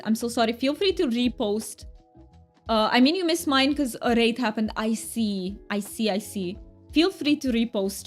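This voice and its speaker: A woman from Romania, streaming a game and chatting with her viewers in a bubbly, giggly way. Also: a little high. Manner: bubbly and giggly, with frequent laughs and restarts. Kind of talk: casual live-stream chat, reading chat aloud.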